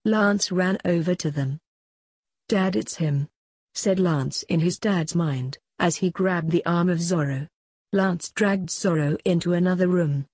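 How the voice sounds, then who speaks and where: A woman narrating a story aloud in an even, unhurried way, with a husky voice. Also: lowish voice, dry recording. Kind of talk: storybook reading.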